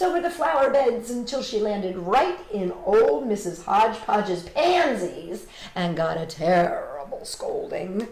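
Animated woman reading a picture book. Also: medium pitch, a little slow. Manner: animated storyteller, chats to kids. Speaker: children's entertainer. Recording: roomy echo.

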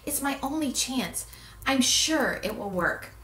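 A woman voicing a self-pitying male giant who moans and pleads loudly, in a roomy, distant recording. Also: sits high, lively intonation, a little slow, voice pushed up. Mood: pleading. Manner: loud, moaning and pleading. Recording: roomy echo, distant mic.

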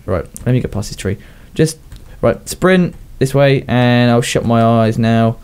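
A young man with a Southern English accent talks his way through a game in loose, rambling commentary. His voice is mellow and warm, sitting at an ordinary pitch, and he often chuckles at his own asides. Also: measured pace, clean tone. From southern England. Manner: rambling, self-chatting, laughs at his own jokes. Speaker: gaming YouTuber. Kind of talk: casual Minecraft commentary.

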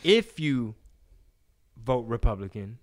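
A man hosting a casual podcast, talking in an animated, profane, slang-heavy way. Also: medium pitch, slow pace. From Texas. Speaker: podcast host.

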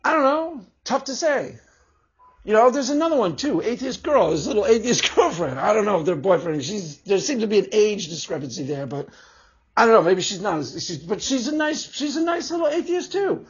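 Brief: a male vlogger with a husky, high voice, cursing and mocking; muffled lo-fi audio. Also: very animated, moderate pace. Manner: swears heavily, laughs often, mocking. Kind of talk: profane opinion rant. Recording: dull lo-fi recording.

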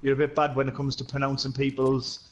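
A man's voice: mid-range voice, completely flat delivery, fast, a little hiss or hum. A man chatting over a headset during a co-op game, telling rambling, laughing anecdotes. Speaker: co-op gaming teammate. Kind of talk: casual gaming chat and storytelling.

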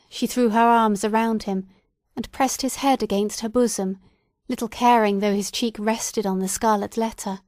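A woman narrates a classic novel at a measured, deliberate pace with a mid-range voice. The recording is close and dry, like a studio booth. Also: mid-range voice, steady tone, darkish tone, no echo. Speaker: audiobook narrator.

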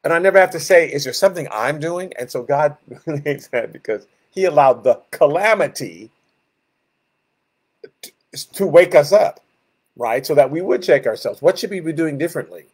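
A man leading a Bible study in a loose, conversational teaching style, animated, often restarting sentences and asking rhetorical questions. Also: on the high side, normal speed, husky.

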